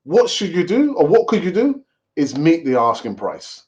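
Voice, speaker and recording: A man hosts a casual football fan live stream, chatting in an animated, rambling way that keeps circling back to the same points. His voice sits slightly high, and the recording sounds dull and lo-fi. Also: moderate pace. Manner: animated, repetitive, conversational rambling. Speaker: football fan channel host.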